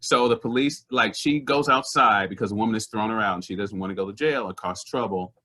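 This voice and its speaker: Animated storytelling man, bright lower voice. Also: a little fast. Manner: animated, acts out other people's voices in stories; earnest and indignant about social issues. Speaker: comedian guest. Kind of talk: conversational storytelling.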